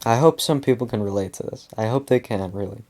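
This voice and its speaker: A man's voice: mid-range voice, quick pace, mellow. A young man venting in a casual monologue, rambling, repeating himself and swearing a lot. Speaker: vlogger.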